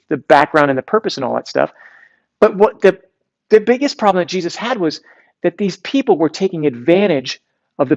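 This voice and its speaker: A man preaching to a youth group in a relaxed, conversational way, reading scripture aloud with frequent restarts. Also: high voice, lo-fi sound. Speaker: youth pastor. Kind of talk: sermon.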